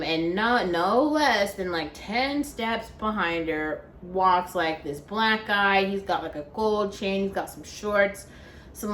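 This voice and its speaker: A young woman vlogger telling a story in a chatty, animated way, filling her talk with "like". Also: medium pitch. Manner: chatty, heavy use of "like", animated. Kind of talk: casual storytelling. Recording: echoey room.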